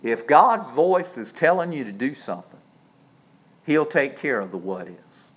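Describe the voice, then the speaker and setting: A male pastor preaching a sermon, with dramatic swings between soft asides and shouted emphasis, sometimes drawing words out slowly. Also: mid-range voice, sing-song, highs cut off.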